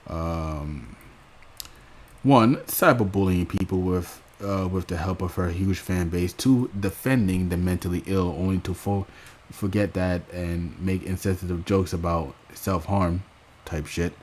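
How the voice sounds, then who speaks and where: A young man with a very low, deep voice rants casually to his viewers. He stumbles through restarts and fillers and swears freely as he goes. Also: measured pace, a little mellow. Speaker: YouTube commentator. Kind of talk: casual reaction rant.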